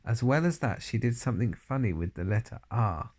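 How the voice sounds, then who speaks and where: A man's voice: mid-range voice, animated, a little fast, a little mellow. A man reading a children's novel aloud in the first person, with dramatic emphasis. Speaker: audiobook reader.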